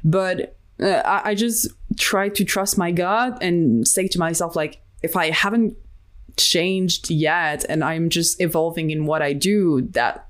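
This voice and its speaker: A woman's voice: on the low side, unhurried. A young woman being interviewed about her art, talking candidly and reflectively, with many fillers and restarts. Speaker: interview guest, digital artist. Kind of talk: casual interview conversation.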